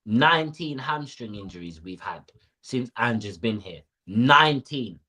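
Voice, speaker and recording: A man's voice: fairly low pitch, animated, moderate pace, a crowd in the background. A young man, ranting animatedly in casual football chat on a panel show.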